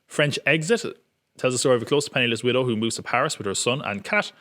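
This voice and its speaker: A man's voice: mid-range voice, quick pace, sharp tone. A man hosting a podcast, chatting casually and wryly about upcoming films and poking fun at his own jokes. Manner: wry, self-mocking, joking. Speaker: podcast host. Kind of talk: casual film preview chat.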